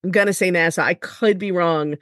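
A woman's voice: fairly low pitch, brisk, a bit bright, dry recording, studio quality. A woman hosting a casual interview, asking curious questions and repeating words as she restarts her sentences. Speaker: podcast host.

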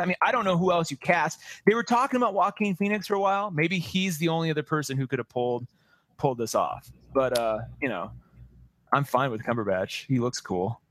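A man co-hosting a casual podcast, rambling and animated with lots of restarts. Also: a little high, fast talker, no echo. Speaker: podcast co-host. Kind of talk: casual chat about movies.

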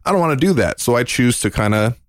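A man's voice: mid-range voice, lively intonation, fast talker, no echo, clean studio sound. A man hosting a podcast, frank and joking but reflective in casual conversation. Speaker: podcast host.

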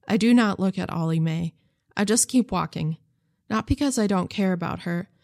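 A woman reads a children's novel aloud for radio, her voice sitting fairly low. She tells it in a measured, gentle way, close to the microphone in a dry, dead studio. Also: dry recording. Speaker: narrator.

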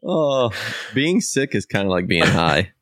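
A man's voice: low-pitched, expressive, moderate pace, no echo. A man with a head cold, playing in a tabletop game and joking with friends over a call, giggly. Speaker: player. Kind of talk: casual chat.

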